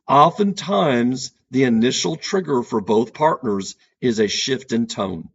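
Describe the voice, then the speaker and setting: A man's voice: mid-range voice, lively intonation, measured pace, few pauses, breathy edge, lo-fi sound. A man speaking as a couples therapist on an educational podcast, earnest and repeating key points for emphasis.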